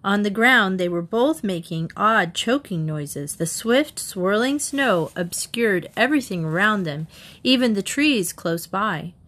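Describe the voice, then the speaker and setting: A woman reading a children's mystery aloud in an even, measured storytelling voice. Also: mid-range voice. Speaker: audiobook reader. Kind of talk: scripted narration.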